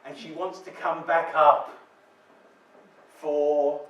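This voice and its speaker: High-voiced man telling stories. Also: takes it slowly, dull audio. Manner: candid, joking, lively storyteller. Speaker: midwife. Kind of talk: live storytelling talk. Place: hall with audience. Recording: echoey hall, distant mic, audience. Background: audience laughter.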